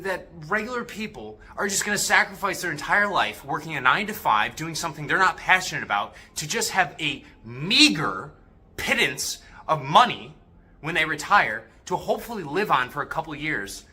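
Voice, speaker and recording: A man's voice: fairly high pitch, sharp tone. A young man on a livestream giving a profane, aggressive, confrontational motivational rant as coach and host.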